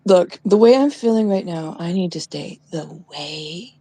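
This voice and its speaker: A woman's voice: on the low side, expressive, a little slow, mellow, breathy edge. A woman co-hosting a casual chat show, rambling and joking, often dropping to a near whisper. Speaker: co-host.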